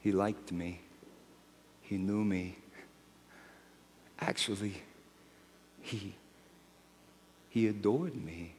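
Elderly devout man, slow deliberate delivery, impassioned monologue, performed by a male actor in a reverberant hall. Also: on the low side, slight background noise. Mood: ecstatic. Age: older. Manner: impassioned, swells to shouting. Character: aged devout man, weary then awestruck. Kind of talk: dramatic first-person monologue.

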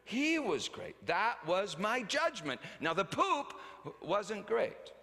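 A man preaching a sermon, a father telling stories about his children, animated, swinging from loud to hushed. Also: sits high, slow, in a large hall. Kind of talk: sermon with acted anecdotes.

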